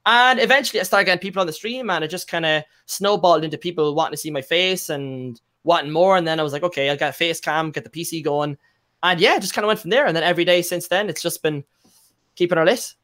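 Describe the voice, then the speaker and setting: A young Irish man talks at a rapid clip on a casual podcast. His voice is bright and slightly high. He tells animated stories with local slang and playful quotes. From Ireland. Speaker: guest streamer.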